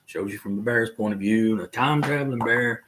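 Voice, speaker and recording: An older man with a Southern accent from the North Carolina mountains, hosting a casual live chat in a folksy, rambling way with drawn-out fillers. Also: on the low side, noisy background. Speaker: livestream host and musician.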